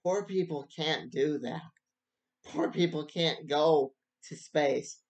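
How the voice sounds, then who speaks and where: A man's voice: a little high, slow. A man giving a casual solo book review, rambling and stop-start with frequent restarts.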